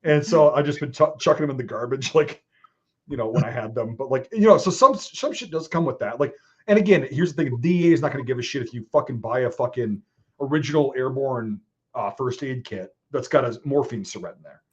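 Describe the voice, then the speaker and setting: A man hosting a casual online stream, telling stories in a profane, animated way. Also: mid-range voice, fairly quick, lo-fi sound. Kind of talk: casual chat.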